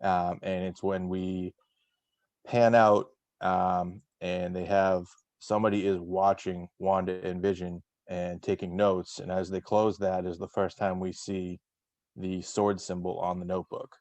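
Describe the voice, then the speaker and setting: Man, low voice, dry close sound, casual host, lots of ums and restarts. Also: little pitch movement, unhurried, darkish tone, dry recording, muffled recording. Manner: rambling, many fillers and restarts. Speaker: podcast host. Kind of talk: casual chat.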